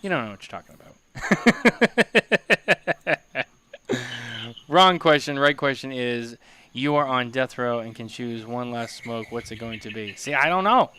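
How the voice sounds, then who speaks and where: A man co-hosting a casual talk show, animated and teasing, laughing often as he talks. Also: mid-range voice, measured pace, pauses often. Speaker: podcast co-host. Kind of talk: casual chat.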